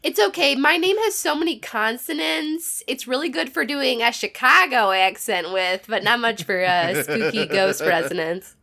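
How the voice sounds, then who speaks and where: A woman's voice: on the high side, lively intonation, normal speed, gravelly, hardly any pauses, pushed and bright. A woman appearing as a guest on a comedy podcast, speaking with a stuffy, congested nose in playful, teasing chat.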